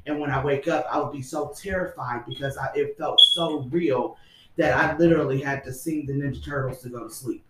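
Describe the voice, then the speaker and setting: A man's voice: mid-range voice, fairly even intonation, fairly quick. A man in casual chat, reading out and explaining what a dream means. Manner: explaining, thoughtful. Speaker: podcast co-host. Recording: echoey room with faint noise.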